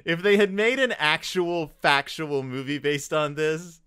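Bright, jokey male podcast host. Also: fairly high pitch, unhurried, clean tone, no echo, studio quality. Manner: jokey, laughing. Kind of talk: casual chat.

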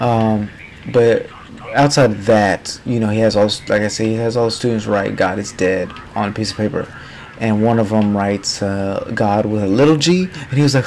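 A man's voice: fairly low pitch, steady tone, moderate pace, darkish tone, slight background noise. A man giving casual, rambling commentary while playing a game. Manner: rambling, loose and chatty. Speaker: gaming streamer.

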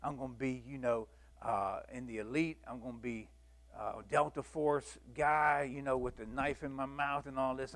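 A man with a drawl leads a church Bible lesson, folksy and animated as he acts out the stories. His voice sits slightly high for a man. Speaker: Sunday school teacher.

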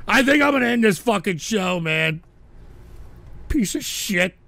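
A man hosting a comedy stream in an exasperated, profane on-air meltdown, swinging between yelling and weary muttering. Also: sits high, expressive, unhurried, no echo.

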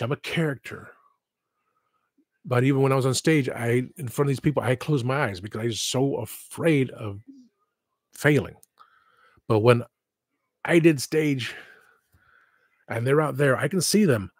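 Husky-voiced man rambling on a livestream. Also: medium pitch, dry recording, clean studio sound. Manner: rambling, frank, swears freely. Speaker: livestream podcast host. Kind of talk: casual rambling livestream chat.

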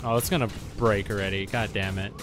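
A man's voice: lowish voice, a little fast, music in the background. A man giving let's play commentary on a game, swearing often and yelping at enemies. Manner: profane, excitable, yelps at enemies. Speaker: gamer.

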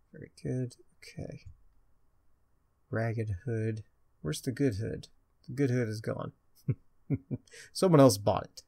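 With a medium-pitched, darkish voice and some vocal fry, a man narrates his own gaming session, chatty and self-mocking as he mutters to himself. There is no room sound.

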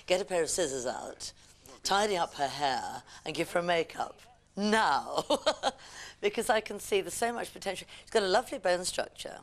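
A woman coaching posture and grooming on a reality TV show, brisk, bossy and gushing. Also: on the low side.

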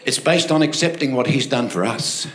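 In an echoey church hall with music playing behind him, an older Australian-accented pastor speaks at medium pitch and normal speed. He tells stories in his sermon animatedly and calls on the crowd for amens.

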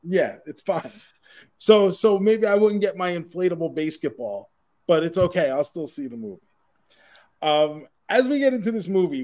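A man co-hosts a pop culture podcast, his voice sitting a little high for a man. He tells stories in an animated way, laughs at his own jokes and swears casually. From Queens, New York. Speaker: podcast co-host.

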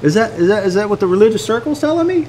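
An American man teaching a Bible study on prayer, animated and emphatic, full of rhetorical questions. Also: sits high, rapid-fire, a little hiss or hum. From United States.

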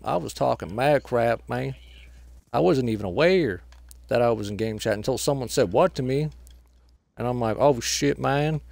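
A man's voice: medium pitch, gravelly, darkish tone, no room sound. A man giving casual gameplay commentary, grumbling and swearing at opponents and tacking "man" onto nearly every phrase. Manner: swears and trash-talks opponents. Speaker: gameplay commentator filling in for the channel owner.

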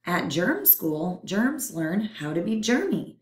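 Woman reading a picture book to children, unhurried and playful, echoey room. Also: lowish voice, very animated. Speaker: storyteller. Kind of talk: picture book read-aloud. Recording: roomy echo.

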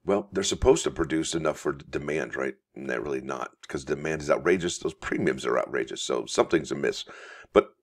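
Man, extremely low voice, folksy coin-news host, chatty commentary, asides while reading. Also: brisk. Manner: reads articles aloud with asides.

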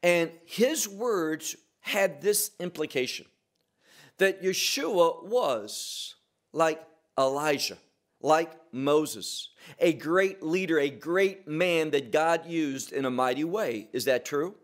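A man giving a verse-by-verse Bible teaching, slow and emphatic, with pauses and occasional restarts. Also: a little high, expressive.

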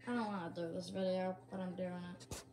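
A performer voicing Yoshi, a small dinosaur creature, hosting a reaction video and groaning and pleading at each clip, with a slightly rough morning throat. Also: mid-range voice, level tone, fairly quick, heavy background noise, lightly acted. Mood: dismayed. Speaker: reaction channel host.

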